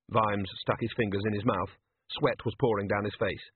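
A man narrating an audiobook with expressive, scripted storytelling. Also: lowish voice, normal speed, slight background noise. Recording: tinny phone-like line, dry.

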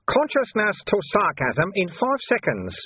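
A man reading an audiobook, voicing a calm, wily older sweeper-monk who teases dryly. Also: sits high, a little slow, breathy edge, no room sound, pitched above the performer's own voice, exaggerated voice. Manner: calm, dryly teasing, knowing. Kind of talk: audiobook character voice. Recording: dry tinny phone-like sound.

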